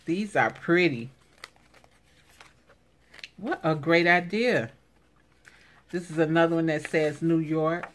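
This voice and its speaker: A woman's voice: deep voice, takes it slowly, pauses often. A woman vlogger chatting casually while opening craft mail, gushing and exclaiming over each piece. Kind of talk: casual unboxing chat.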